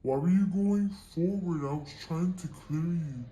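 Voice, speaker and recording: A woman voicing a defensive, grumbling male truck driver who insists slowly and flatly that he is in the right. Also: fairly low pitch, reverberant, voice pushed down, lightly acted, rough recording.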